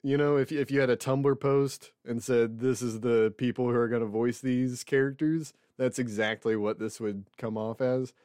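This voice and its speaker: A man's voice: mid-range voice, steady tone, moderate pace, few pauses, darkish tone, dry recording, studio quality. A man co-hosting a podcast in casual chat, reading out news items with a wry, chatty manner. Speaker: podcast co-host.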